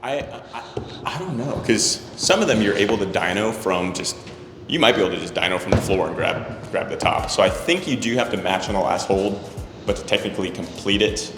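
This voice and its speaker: A man co-hosting a climbing video, thinking aloud in a relaxed, casual chat. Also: fairly low pitch, a little fast, in a large hall, background noise. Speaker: climbing channel co-host.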